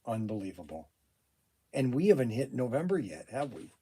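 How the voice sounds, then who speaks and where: A man's voice: medium pitch, very animated, moderate pace, warm tone, husky. Brief: middle-aged man, hobby shop owner on phone calls, keeps exclaiming in disbelief and repeating himself, mid-range voice, at work in his shop.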